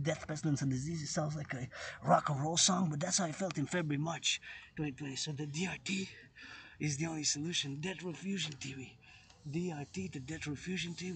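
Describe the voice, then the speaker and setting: A man vlogging outdoors in a public place, talking emphatically and repeating phrases again and again. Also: fairly high pitch. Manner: repetitive, emphatic, loops phrases over and over. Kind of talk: outdoor monologue vlog.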